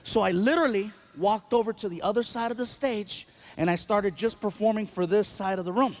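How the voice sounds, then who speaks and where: A male stand-up comedian telling an animated story on stage and acting out the people in it. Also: high-pitched, a little fast. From Mexican-American. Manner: animated, acts out voices.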